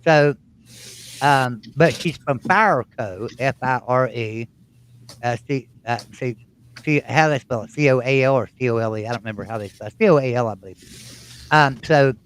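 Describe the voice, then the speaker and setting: A man with a West Virginia Appalachian accent hosts a casual chat, telling rambling, folksy stories in a smooth, medium-pitched voice at normal speed.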